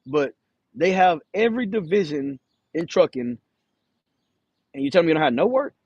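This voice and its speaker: A truck driver tells a story straight to camera, blunt and swearing freely, and acts out what others said. His voice sits a little high for a man. The sound is dry, with no room echo. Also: sing-song, normal speed, darkish tone, breathy edge, dull audio. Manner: candid, profane, acts out quoted dialogue. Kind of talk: casual storytelling vlog.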